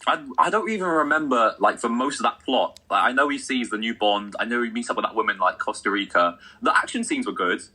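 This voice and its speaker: A man's voice: mid-range voice, slightly rough. A young man co-hosting a film review, asking questions and teasing in a casual chat. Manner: quick, animated, asks questions, teasing.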